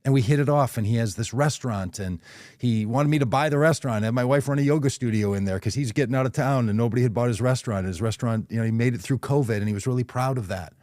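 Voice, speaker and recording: A man's voice: medium pitch, quick pace, a little mellow, no room sound, clean studio sound. A man telling a personal story as a guest speaker on a video call, in a conversational way, correcting himself as he goes. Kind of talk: anecdotal storytelling.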